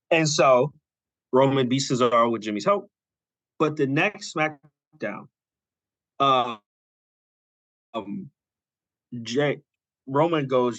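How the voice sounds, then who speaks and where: A man's voice: mid-range voice, lively intonation, unhurried, long pauses, fairly bright tone, dry recording. A male podcast co-host in casual chat, animatedly retelling a story and quoting characters.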